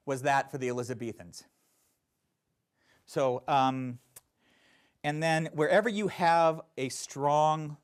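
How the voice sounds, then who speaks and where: A man teaching a Shakespeare acting class, explaining verse in an animated way with playful asides. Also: medium pitch. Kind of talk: classroom instruction.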